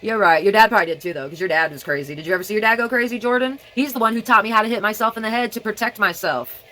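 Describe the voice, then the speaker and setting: A woman's voice: mid-range voice, very fast, pushed and bright, rough recording. A woman with a childlike way of speaking, talking at home in a rambling casual vlog monologue that jumps between topics. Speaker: vlogger.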